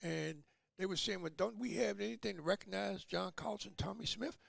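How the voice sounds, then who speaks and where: An older man with a high, heavily gravelly voice tells his stories as an interview guest. He acts out the people he quotes with lively shifts of voice. The sound is close and dry. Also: fairly quick, no room sound. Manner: animated storyteller acting out quoted voices. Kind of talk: storytelling in conversation.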